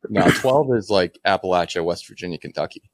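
A young man co-hosting a casual podcast chat, expressive and quick to laugh. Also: low-pitched, dry recording. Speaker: podcast co-host.

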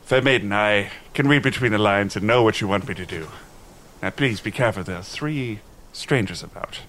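A man's voice: on the low side, normal speed, fairly bright tone, slight background noise, pitched below the performer's own voice. A man voicing an earnest, gullible knight who cannot recognize faces, speaking in formal, old-fashioned courtly phrases during improvised tabletop role-play.

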